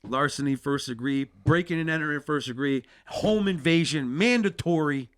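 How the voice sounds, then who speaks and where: A man's voice: on the high side, moderate pace, a bit bright. A middle-aged man telling a story in casual talk, swearing freely and acting out both sides of the conversations. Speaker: podcast guest.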